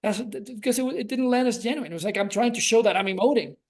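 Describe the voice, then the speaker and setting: With a very high, darkish voice, a relationship coach talks rapid-fire on a podcast. He stays earnest and reflective in this conversational talk, drawing out key words to emphasize them.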